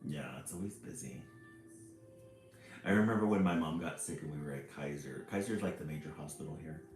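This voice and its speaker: A man's voice: extremely low pitch, brisk, darkish tone. A man hosting a casual livestream, greeting viewers by name in a cheery voice that jumps up when he says hello. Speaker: livestream host. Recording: roomy echo with faint music behind.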